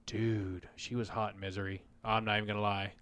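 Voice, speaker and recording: A man's voice: on the low side, little pitch movement, fairly quick, fairly bright tone. A man from Oklahoma with a drawl, co-hosting a casual podcast with crude, easygoing jokes. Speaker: podcast co-host.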